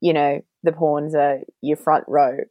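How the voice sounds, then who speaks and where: A woman with a somewhat low voice, co-hosting a casual podcast chat. She asks easygoing questions and laughs readily. The recording is close and dry. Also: level tone, a little slow, mellow, no echo. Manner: friendly interviewer, laughs often, asks questions. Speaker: podcast co-host.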